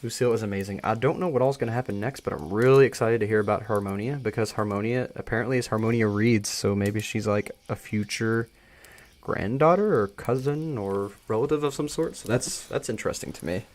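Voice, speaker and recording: An excitable, chatty man hosts a live story reading in a somewhat low voice. He talks casually to his viewers and narrates with giggly energy. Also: fairly quick. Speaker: host reading a story aloud.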